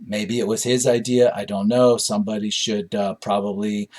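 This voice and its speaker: A man hosting a movie review show, reading audience reviews aloud and commenting on them in a relaxed, conversational way with frequent fillers and restarts. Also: on the low side, normal speed.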